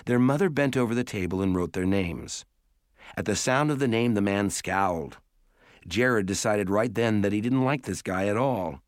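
A man reading a story aloud as an audiobook narrator, in a measured, even way. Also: on the low side, no room sound, studio quality. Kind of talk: scripted narration.

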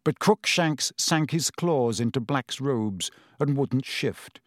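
A man reading a fantasy novel aloud in measured, dramatic audiobook narration. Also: medium pitch, animated, no echo, studio quality.

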